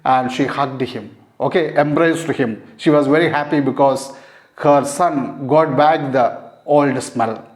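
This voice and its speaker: A man teaching an English lesson, going through a story line by line. He glosses word meanings plainly and rephrases them, often saying "you see that" and pausing on "uh". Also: mid-range voice. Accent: Indian English. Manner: frequent "you see that" and hesitant "uh". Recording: echoey room.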